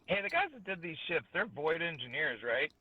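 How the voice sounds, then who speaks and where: A man's voice: fairly high pitch, very animated, fairly quick, husky. Male player, casual and offhand, heard on a dull distant mic. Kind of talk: casual game chat.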